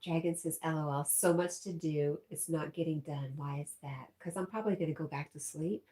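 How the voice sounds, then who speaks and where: A woman's voice: low-pitched, fairly quick, warm tone. A woman hosting a casual livestream, reading out viewer comments and laughing often. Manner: giggly, reads out chat messages. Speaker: livestream host.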